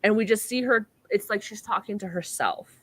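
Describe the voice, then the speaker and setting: Recapping an episode as a podcast co-host, a young woman talks fairly quickly in a medium-pitched voice with a breathy edge. Her casual chatter is packed with "like," and she gives voice to the quoted lines.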